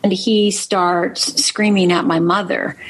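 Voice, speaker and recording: A middle-aged woman from Upper Michigan speaks as a guest in an interview, recounting her own story. Her voice is somewhat husky at a mid pitch, and she talks earnestly, often tagging lines with "right?". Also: steady tone, takes it slowly. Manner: earnest, frequent "right?" tags. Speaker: life coach guest.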